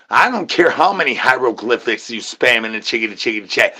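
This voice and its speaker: A man's voice: mid-range voice, expressive, a little fast, few pauses, pushed and bright, slightly rough. A man livestreaming, rambling nonsense to his chat in a sing-song patter, repeating rhyming filler syllables and catchphrases.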